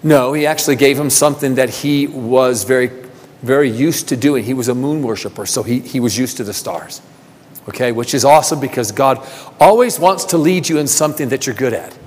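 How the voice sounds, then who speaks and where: A man preaching a sermon, asking rhetorical questions and repeating phrases, building from soft talk to emphatic calls. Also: mid-range voice, brisk. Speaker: pastor. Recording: long reverb of a large hall.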